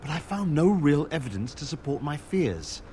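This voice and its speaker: An actor playing a blind, battle-scarred older knight in a video game, speaking in formal, archaic phrases. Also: male voice, a little high, very animated, moderate pace, warm tone, slight background noise. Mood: solemn. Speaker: game character.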